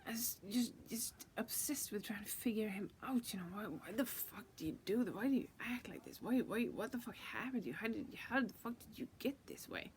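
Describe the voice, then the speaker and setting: A woman's voice: fairly high pitch, animated, fairly quick, few pauses, slight background noise. A woman vlogger telling a personal spiritual story, intense and profane, often dropping into a whisper and repeating herself. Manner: many restarts and repeated words.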